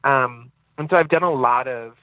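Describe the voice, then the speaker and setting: A man's voice: mid-range voice, moderate pace, dry recording. A man, an actor guest in a casual interview, chatting loosely with lots of fillers and easy laughs. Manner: relaxed, rambling, frequent fillers and laughs. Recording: dry, phone-like line.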